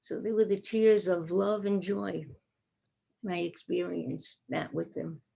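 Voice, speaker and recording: A woman tells a personal family story in an easy, conversational manner, pausing and restarting as she goes. Her voice is dark and gravelly. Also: on the low side, steady tone.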